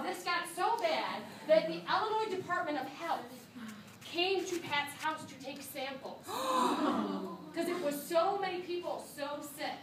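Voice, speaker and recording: A woman microbiology teacher telling a funny story to her class, animated and laughing as she acts out what people said. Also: high voice, very noisy. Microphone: phone camera from a student's seat. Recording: echoey classroom filmed from far off.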